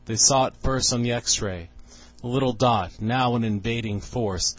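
A man reading a short story aloud in a measured, sparse way. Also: mid-range voice, steady tone, no room sound, dull audio. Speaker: podcast contributor reading his story.

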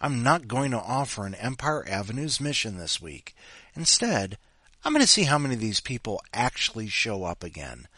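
A man hosts a storytelling podcast in a loose, rambling way, swearing without a second thought. His pitch swings widely as he talks. The sound is dry and close. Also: sing-song, normal speed, bright, forceful tone, husky, dry recording. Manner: rambling, irreverent, swears freely. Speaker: podcast host. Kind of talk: casual rambling commentary.

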